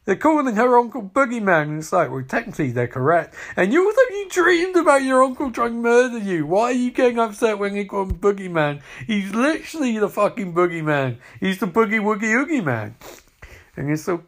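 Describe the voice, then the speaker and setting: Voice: mid-range voice, very animated, brisk. Casual, profane watch-along commentator, voice bouncing up and down a lot, filler-heavy rambling. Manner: rambling, profane, frequent fillers and laughing reactions.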